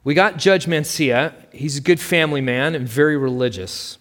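A man's voice: fairly high pitch, normal speed, fairly bright tone, pitched above the performer's own voice, close to an everyday voice. A man plays an attorney who is offhand at first, then careful and hesitant with his words, lifted a little above the narration. Long hall reverb trails every line. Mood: measured.

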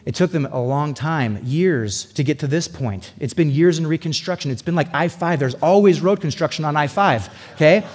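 A husky-voiced man preaches a sermon with animated, sarcastic storytelling and a playful edge. His voice rings out with a long reverb through a large hall. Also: on the high side, moderate pace, hardly any pauses. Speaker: pastor.

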